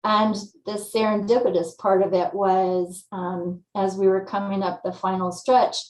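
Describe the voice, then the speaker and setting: A woman from California, a guest telling her story in a lively, casual way and acting out her own thoughts. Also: mid-range voice, measured pace, reverberant, rough recording. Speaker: interview guest.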